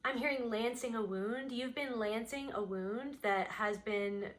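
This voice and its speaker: A woman with a fairly high voice leads an unscripted tarot card reading. She wanders from thought to thought, voicing each intuitive impression the moment it arrives. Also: unhurried. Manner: meandering and intuitive, voicing impressions as they come.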